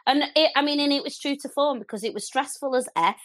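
A woman's voice: high-pitched, quick pace, a bit bright, dry recording. A woman hosting a podcast in casual chat, chatty and asking follow-up questions. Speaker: podcast host.

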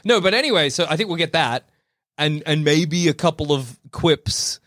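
An Australian man co-hosting a podcast in casual, animated chat, swearing and laughing freely. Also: on the high side, normal speed, dry recording, studio quality. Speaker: podcast co-host.

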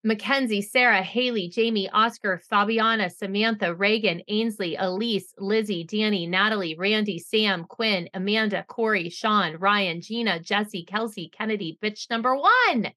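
A middle-aged woman hosting a casual podcast. Her voice is bright and mid-pitched. She talks emphatically, reacts quickly, and makes blunt jokes. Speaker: podcast co-host. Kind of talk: casual chat and show reading.

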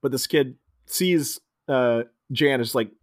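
A man co-hosting a casual movie chat, retelling scenes and jumping into squeaky impressions of the characters, often laughing. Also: slow pace. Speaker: podcast co-host.

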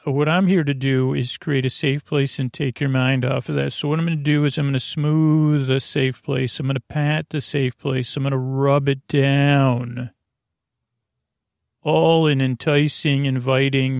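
A man hosting a bedtime podcast, talking slowly in a meandering way with lots of filler words and tangents. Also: mid-range voice, no room sound, clean studio sound. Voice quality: creaky. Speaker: podcast host. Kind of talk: rambling bedtime talk.

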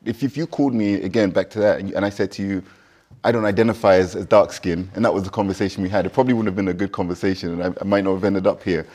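A man's voice: low voice, steady tone, racing, hardly any pauses, darkish tone. A man, a dinner guest, talking through his view in a casual discussion, often restarting and repeating words as he builds his point.

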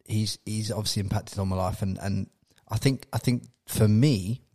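Male podcast host, casual; low, mellow voice, chatty and eager. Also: moderate pace. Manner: eager, frequent affirmations. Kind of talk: casual interview chat.

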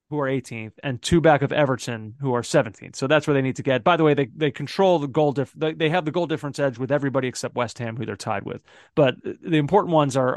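A man's voice: medium pitch, no echo, studio quality. A man co-hosting a casual football podcast, thinking aloud with lots of fillers and restarts. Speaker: podcast co-host.

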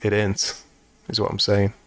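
A man's voice: fairly low pitch, monotone, unhurried, no room sound. A man co-hosting a film podcast in casual chat, meandering and restarting sentences with dry humor. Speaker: podcast co-host.

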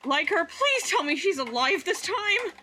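A woman's voice: very high voice, sing-song, unhurried, pushed and bright, faint music behind, voice pushed up, heavily acted. A woman voicing a weary, exasperated male adventurer in a tabletop game, speaking in a pleading, exasperated manner.

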